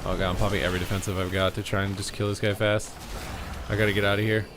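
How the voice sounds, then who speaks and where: A man giving casual, jokey commentary while playing an online game, often shouting and taunting opponents. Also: on the low side, flat delivery, rapid-fire, background noise. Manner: jokey, yells and taunts opponents in silly voices. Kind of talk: excitable gameplay commentary.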